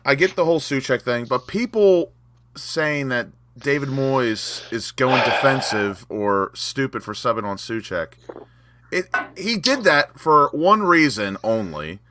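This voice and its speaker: A man's voice: mid-range voice, lively intonation, unhurried, noisy background. A man giving heated, sweary opinions in a casual post-match chat. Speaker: guest pundit.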